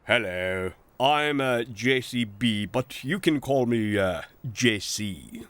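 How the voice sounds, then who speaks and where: A man's voice: mid-range voice, very animated, takes it slowly, pushed and bright, no room sound, heavily acted. A man voicing a proud, boastful male digger machine in a pompous, self-important manner for a storybook cartoon. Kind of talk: storybook character voice.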